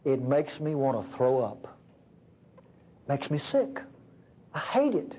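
A man's voice: medium pitch, very animated, slow, slightly rough, pitched below the performer's own voice, full character voice. A man preaching, voicing God as a grieved, tender father who speaks earnestly and pleads with Adam. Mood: grave. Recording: dull lo-fi recording.

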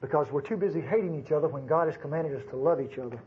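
A man's voice: a little high, rapid-fire, dull audio, slight background noise. A man preaching a sermon to his congregation in a folksy, conversational way, with frequent asides to the listeners. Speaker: pastor.

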